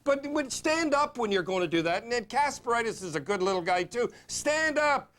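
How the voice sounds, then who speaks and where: A man giving blunt, opinionated, fast-talking hockey commentary in a TV studio segment. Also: high-pitched, expressive, fairly bright tone.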